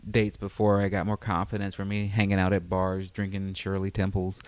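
A man from Chicago's South Side chats as a comedian guest, soft-spoken and unhurried. His voice is fairly low, smooth and resonant, with a gently amused tone. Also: monotone. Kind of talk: casual chat.

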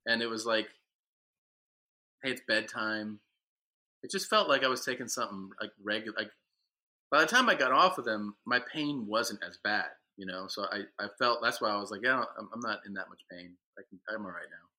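A man's voice: lowish voice, normal speed, bright, forceful tone. A man chatting casually on a podcast, rambling with fillers and laughing at himself. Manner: rambling, self-deprecating, many fillers and laughs. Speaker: podcast co-host. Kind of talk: casual chat.

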